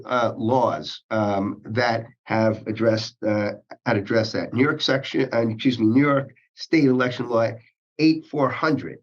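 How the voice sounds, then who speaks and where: A man as an interview guest, speaking in measured legal phrasing, halting often with uhs and restarts. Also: medium pitch. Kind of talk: policy interview. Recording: dull lo-fi sound.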